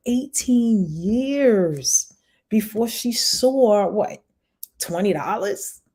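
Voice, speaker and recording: A woman's voice: fairly low pitch, a little mellow. A woman with a New York accent, an online business coach giving chatty, encouraging advice to viewers on a live stream. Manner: fast-talking, encouraging, chatty.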